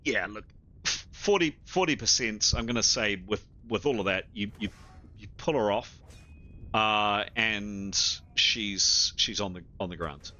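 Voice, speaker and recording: A man running a tabletop game as game master, talking in halting bursts and repeating words as he rules. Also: fairly low pitch, bright, forceful tone, dull audio.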